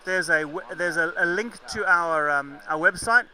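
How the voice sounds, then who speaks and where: Bright high-voiced man calling cricket. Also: moderate pace, rough recording. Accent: mixed southern African and English. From Zambia. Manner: chatty, jokey, self-correcting. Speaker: cricket commentator. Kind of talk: live match commentary.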